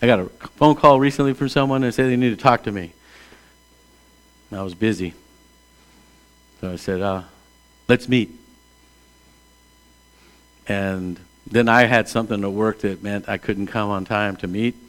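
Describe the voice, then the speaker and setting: A man in his sixties, a pastor, preaching a conversational sermon that moves between hushed asides and emphatic calls. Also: on the low side, moderate pace, long pauses. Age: 60s.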